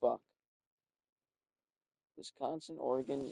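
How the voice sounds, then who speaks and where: A young man giving casual, profane commentary while playing a video game, thinking out loud and getting excited. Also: mid-range voice, a little slow. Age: young adult.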